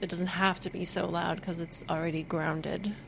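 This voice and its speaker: A woman hosting a podcast interview over a video call, reflective and affirming with soft murmurs. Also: lowish voice, level tone, normal speed, vocal fry, background noise. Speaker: podcast host.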